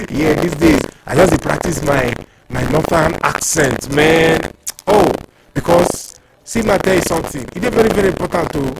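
A man's voice: on the high side, moderate pace, gravelly. A man with a Nigerian accent presenting casual radio in a playful, slangy, hyping manner. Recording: loud background noise.

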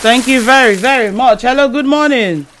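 A woman's voice: fairly high pitch, normal speed, a little hiss or hum. A Nigerian woman hosting a morning call-in radio show, bantering in pidgin with callers. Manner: warm pidgin banter, short replies to callers.

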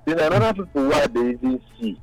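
A man's voice: mid-range voice, quick pace, faint music behind, rough recording. A man with a Nigerian accent calling in to a radio show, giving rambling opinions on football. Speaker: caller. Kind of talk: casual phone-in opinion.

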